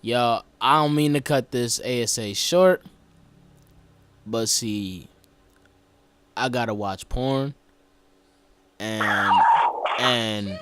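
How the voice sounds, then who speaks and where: A man's voice: medium pitch, very slow, long pauses. Casting note: young male guest, laid-back slang quips, noisy recording. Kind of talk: casual chat.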